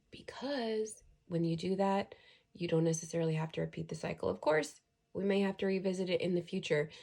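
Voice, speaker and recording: Woman, tarot reader, casual pick-a-card reading, chatty, earnest, gravelly fry, mid pitch. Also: a little mellow.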